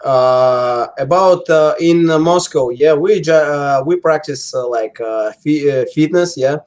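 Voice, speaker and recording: A man with a Russian accent, a native Russian speaker, answering interview questions in English with many pauses and fillers. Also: fairly high pitch, darkish tone. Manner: halting, many fillers and restarts. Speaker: interview guest. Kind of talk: casual interview.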